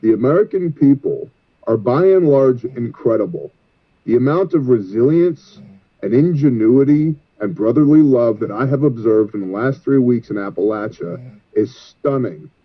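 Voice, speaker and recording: A man leading a relief ministry speaks earnestly with a preaching tone. His voice sits at a middle pitch. It comes through a thin, tinny phone line. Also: animated, normal speed, husky. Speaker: disaster relief ministry leader. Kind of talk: guest interview over the phone.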